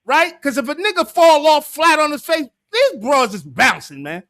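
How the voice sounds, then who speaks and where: Man, livestream host, very high voice, lively, bright, emphatic and argumentative. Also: normal speed, no room sound, clean studio sound. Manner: emphatic, argumentative, repeats himself, profane. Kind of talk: heated panel discussion.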